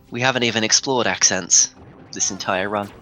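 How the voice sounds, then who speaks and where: Bright-toned joking male speedrun commentator. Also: lowish voice, unhurried, low-quality recording. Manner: joking, rambling, reads chat aloud. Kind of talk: casual live commentary. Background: faint game music.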